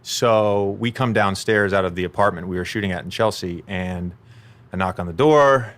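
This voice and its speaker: A man's voice: deep voice, moderate pace. A man in his thirties hosting a podcast, chatting casually and telling stories. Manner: storytelling, animated when quoting his toddler. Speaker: podcast host.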